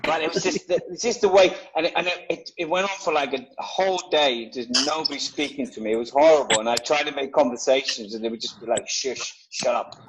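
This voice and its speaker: A man tells a story at full tilt, swearing freely and acting out the voices of the people in it. His voice sits a little high for a man. A faint hiss runs under the recording. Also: quick pace, hardly any pauses. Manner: acts out other voices, exasperated. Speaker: cast member. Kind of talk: animated anecdote, heavy swearing.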